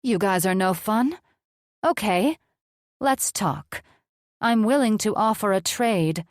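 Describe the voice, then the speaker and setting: A woman's voice: medium pitch, lively intonation, slow pace, no echo, clean studio sound, pitched above the performer's own voice. A woman voicing a seductive, taunting female djinn who speaks in a coy, sing-song way.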